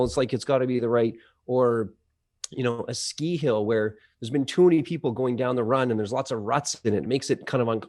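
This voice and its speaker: The CEO of a voice-over marketplace, a trained audio engineer, appears as a guest in a conversational interview. His medium-pitched voice has a darkish tone, and he explains at length in a chatty way, full of fillers and restarts.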